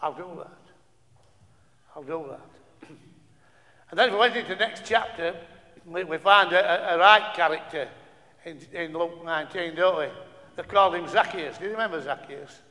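A man's voice: sits high, moderate pace, bright, forceful tone. A man preaching a sermon, stumbling over restarts and asking the listeners rhetorical questions. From northern England. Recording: long hall reverb.

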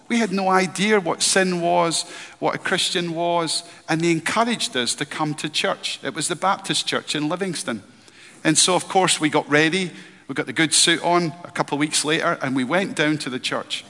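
A man's voice: a little high, sharp tone. A middle-aged man from Scotland preaching a sermon and sharing his personal testimony with earnest, repeated emphasis. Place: church hall. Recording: long echo in a large hall.

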